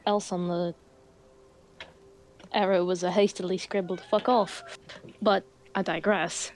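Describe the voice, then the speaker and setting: A woman's voice: on the low side, level tone, measured pace. A woman playing in a tabletop game, chatting casually with crude, joking asides. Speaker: player.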